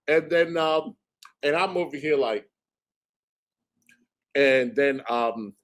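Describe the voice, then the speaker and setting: A man hosting a livestream, telling a story in a casual, animated and profane way and mimicking other people's voices. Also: medium pitch, takes it slowly. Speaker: livestream host.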